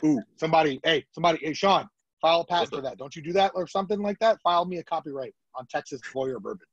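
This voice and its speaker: A man co-hosting a podcast, talking in excitable, jokey bursts in casual chat. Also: on the high side, very fast, dry recording, lo-fi sound. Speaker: podcast co-host.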